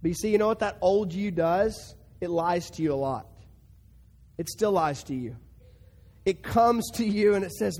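A male pastor delivers a sermon with a notably high voice, swinging between hushed, drawn-out lines and sudden loud emphatic bursts. His words ring out with a long reverb tail, as if in a large hall. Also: animated.

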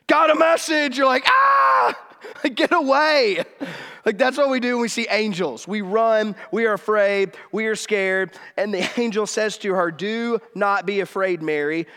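A man preaching a sermon, teaching a Bible passage in a conversational, animated way and acting out people's reactions. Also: high-pitched, in a large hall.

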